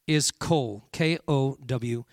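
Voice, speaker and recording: A man's voice: medium pitch, slow, no echo, studio quality. A man preaching a sermon to a congregation, with frequent call-and-response and "all right" checks. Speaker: pastor.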